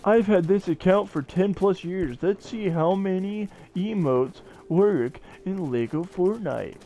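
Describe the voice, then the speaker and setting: This streamer is a young man with a high, warm voice, heard through dull audio with a little background noise. He rambles and jokes his way through a survival game in casual live chat with viewers and friends, laughing frequently.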